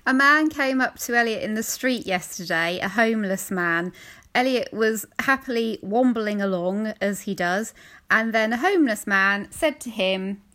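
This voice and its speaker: Woman co-host, dry teasing, deadpan chat on a podcast. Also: mid-range voice, moderate pace. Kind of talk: casual banter.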